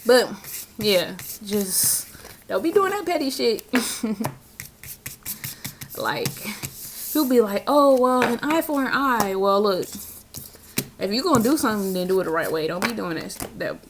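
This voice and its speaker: A woman's voice: mid-range voice, sing-song, measured pace, pauses often, background noise. A young woman, a tarot reader, talking casually and bluntly in a spiritual vlog, with slang and frequent laughs. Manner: blunt, slangy, laughs often between points.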